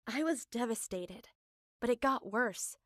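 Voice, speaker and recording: High-voiced woman narrating a personal story. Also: animated, unhurried, fairly bright tone, no echo, studio quality. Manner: earnest, emotional storytelling.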